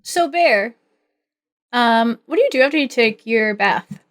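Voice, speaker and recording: A woman's voice: on the high side, expressive, a little slow, fairly bright tone. A woman running a tabletop role-playing game as game master, narrating scenes in a chatty way with many filler words.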